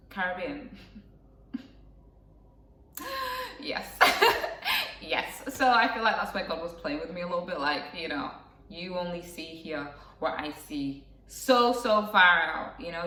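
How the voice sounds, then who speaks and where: A woman's voice: fairly low pitch, bright, forceful tone, distant mic, a little hiss or hum. Chatty woman in a roomy space. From England. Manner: chatty and rambling, with frequent fillers and asides. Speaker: vlogger. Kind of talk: casual storytelling to camera.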